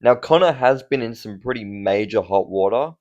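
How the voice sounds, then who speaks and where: A man's voice: on the low side, animated, normal speed, a little mellow, muffled recording. A man from Australia giving a conversational solo opinion commentary on fight cards, with rhetorical questions and casual swearing. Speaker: MMA commentator.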